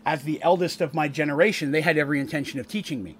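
Talking very fast in a voice on the high side, a Canadian-raised man recaps his tabletop campaign on stream, with slight background noise. As game master and streamer, he rambles casually and keeps restarting sentences; he's an adult, the eldest grandchild, and married.

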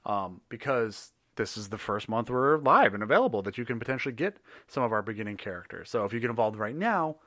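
A man's voice: lowish voice, lively intonation, fast talker, few pauses, fairly bright tone, no room sound, clean studio sound. A man co-hosting a podcast, chatting casually with many fillers and frequent laughs. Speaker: podcast co-host. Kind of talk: casual chat.

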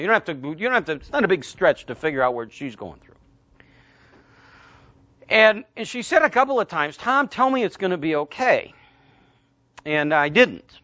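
A middle-aged man preaching a sermon as pastor, telling a story and slowing right down to stress key phrases. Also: a little high, pushed and bright, no echo.

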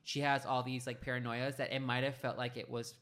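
A man's voice: medium pitch, level tone, brisk, a bit bright. A man co-hosting a casual reality-show recap podcast, blunt and profane, laughing often. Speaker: podcast co-host. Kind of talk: casual chat.

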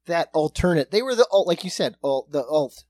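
A playful man on a comedy podcast whose voice bounces up and down as he riffs. He laughs often and jumps into high, excited bits. The sound is dry and close to the mic. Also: fairly quick, no room sound. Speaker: podcast co-host. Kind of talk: casual comedy chat and sketch reading.

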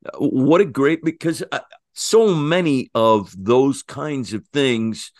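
A man's voice: medium pitch, takes it slowly, a little mellow, no echo, clean studio sound. A man co-hosting a podcast, talking in a musing, hesitant way with many fillers. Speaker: podcast co-host. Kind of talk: conversational chat.

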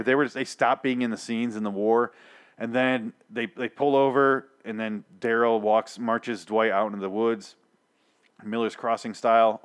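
Swearing, exasperated young man ranting. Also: fairly low pitch. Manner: profane, exasperated, sarcastic, halting restarts. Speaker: TV episode reviewer. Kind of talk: ranting casual recap.

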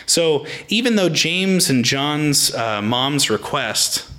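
A man's voice: on the high side, expressive, takes it slowly, sharp tone. A man preaching a conversational sermon in a plain, casual way, often restarting his sentences.

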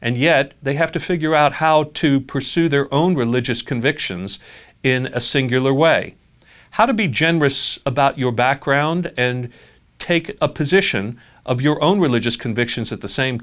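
A man hosting a radio-style interview about faith, speaking in a measured way with frequent uhs and restarts. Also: medium pitch, a bit bright. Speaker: host.

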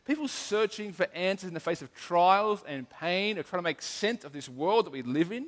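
A man's voice: sits high, lively intonation, moderate pace. A middle-aged man preaching an earnest, emphatic sermon as a pastor, often restarting his sentences. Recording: long hall reverb.

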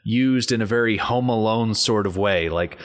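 A man co-hosting a podcast, telling a movie scene in a playful, animated way. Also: lowish voice, moderate pace. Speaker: podcast co-host. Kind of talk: casual movie commentary.

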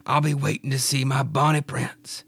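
A man playing a stern, superstitious farmer husband with a gravelly voice and a put-on Scottish accent. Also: medium pitch, flat delivery, moderate pace, fairly bright tone. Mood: earnest. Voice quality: gravelly, raspy.

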